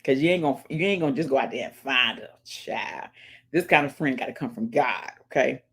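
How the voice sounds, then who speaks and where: Chatty woman vlogger doing shout-outs. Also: a bass voice, brisk, husky. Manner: chatty and emphatic, keeps addressing viewers as y'all; preachy, urges viewers to pray and support others. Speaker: vlogger, channel host. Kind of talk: casual chat, giving shout-outs. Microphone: earphones in, listening to music while talking.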